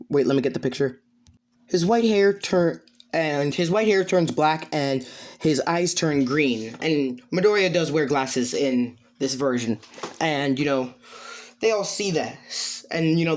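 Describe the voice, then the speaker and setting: A man's voice: fairly high pitch, a little mellow. Male storyteller improvising a fan tale, rambling, filler-heavy.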